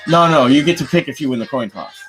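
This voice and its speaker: A man hosting a casual debate show, lively and jokey, often talking over the others. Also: medium pitch, quick pace, music in the background, poor audio. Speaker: host.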